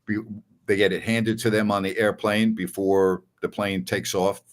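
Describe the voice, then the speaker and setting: A man's voice: on the low side, level tone, normal speed. An older man hosting a sports call-in show, blunt and emphatic when he argues. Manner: blunt, gets loud and emphatic when arguing. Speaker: sports radio host.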